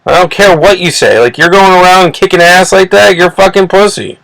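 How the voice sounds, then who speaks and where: A man's voice: high voice, fairly quick, creaky, fairly bright tone, no room sound, low-quality recording. A man hosting his own channel, ranting in an agitated, indignant way, swearing often and restarting his sentences again and again. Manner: profane, rambling, many restarts and repeated words. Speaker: channel host. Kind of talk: ranting commentary video.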